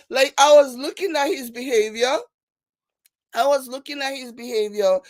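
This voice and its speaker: A woman with a Nigerian accent hosting a casual commentary show, reading viewer comments and mocking them with animated, repetitive emphasis. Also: high voice, moderate pace, no echo. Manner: animated, laughing, mocking, repeats herself for emphasis. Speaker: commentary channel host.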